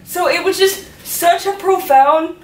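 A woman's voice: very high-pitched, unhurried. A teenage girl giving a chatty personal faith testimony to her youth group, with many "like"s and frequent laughter. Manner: chatty, filled with "like", laughing often. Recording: echoey room, faint ambience, from far off.

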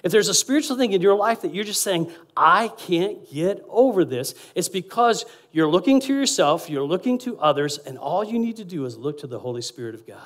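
Animated, fairly high-voiced male preacher. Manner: animated, acts out quotes, swings from loud to quiet. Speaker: guest preacher. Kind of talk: sermon.

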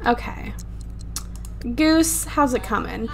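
A woman with a high voice rattles off casual gameplay commentary. She is exasperated and swears freely, breaking into laughs along the way. She is recorded on a desktop USB microphone at home. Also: very animated, takes it slowly, creaky. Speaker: let's play gamer.

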